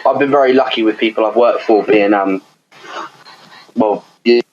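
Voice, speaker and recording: A man's voice: on the low side, normal speed, a little mellow, muffled recording. A young man, co-hosting a podcast in casual chat, rambling and laughing with lots of fillers. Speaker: podcast co-host.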